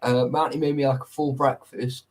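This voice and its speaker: Man, casual chat, sweary, animated storyteller, middle pitch. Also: a little fast, poor audio.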